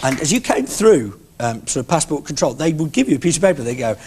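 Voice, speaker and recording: A man's voice: a little high, big pitch swings. A man hosting a comedy sports quiz, reading scores and tossing in teasing quips. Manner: wry, teasing, quick quips. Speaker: quiz show host. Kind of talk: comedy panel show hosting. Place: TV studio with live audience. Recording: loud audience and room noise. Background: studio audience laughter.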